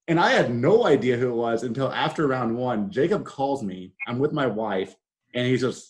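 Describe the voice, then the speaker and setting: Young male host, mid-pitch, candid storytelling. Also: expressive, moderate pace. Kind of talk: podcast chat.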